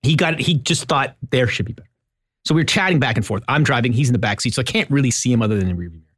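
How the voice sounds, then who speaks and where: Animated middle-aged guy chatting fast on a podcast, bouncy voice. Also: medium pitch, husky, no room sound, clean studio sound. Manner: animated storyteller, quick and lively. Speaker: podcast co-host. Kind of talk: casual chat.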